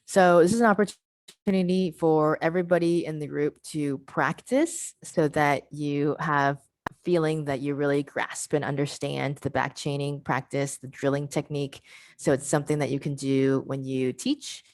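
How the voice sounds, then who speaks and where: A woman's voice: low-pitched, fairly even intonation, moderate pace, a little mellow, dry recording. A woman presenting an online teacher workshop over a video call, patient and repeating her key points.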